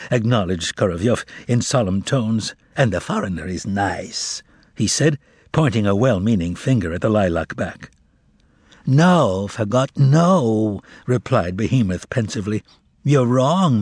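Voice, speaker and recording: A male audiobook narrator with a husky voice and a lively, wide-ranging delivery. He reads in measured, expressive literary narration, recorded close and dry. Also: medium pitch, dry recording.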